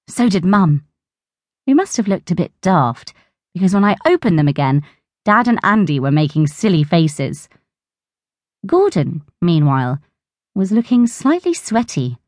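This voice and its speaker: Expressive woman reading a kids' book. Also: sits low, moderate pace, no echo, studio quality. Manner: bright, expressive storytelling. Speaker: audiobook narrator. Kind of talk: children's audiobook narration.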